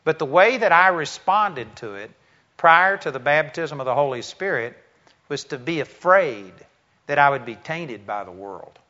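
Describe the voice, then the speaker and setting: A man's voice: a little high, expressive, normal speed, sharp tone, highs cut off. A man preaching a sermon at a conference, earnest and conversational, often dropping "man" into his talk. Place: conference stage.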